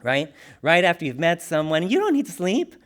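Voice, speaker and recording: A man giving an animated, humorous, conversational spiritual talk to a congregation. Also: a little high, normal speed. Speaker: spiritual teacher.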